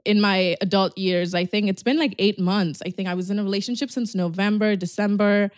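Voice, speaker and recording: A young woman in her twenties hosts a casual podcast, talking in an animated, swear-laden way with frequent laughter. Her voice sits at a middle pitch. The recording is close and dry, with no room sound. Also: a little fast, no room sound. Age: 20s. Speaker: podcast host. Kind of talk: casual chat.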